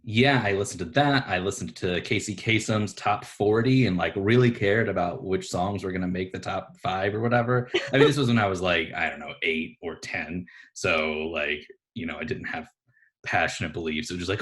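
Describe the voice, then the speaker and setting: A man's voice: deep voice, moderate pace, fairly bright tone. A man co-hosting a casual podcast chat, teasing dryly and using lots of fillers. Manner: dry, teasing, filler-heavy. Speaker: podcast co-host.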